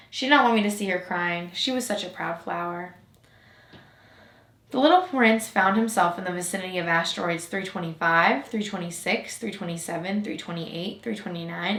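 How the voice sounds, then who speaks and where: A woman narrating a storybook aloud in a gentle, even storytelling manner. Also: on the low side. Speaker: storybook reader. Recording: roomy echo.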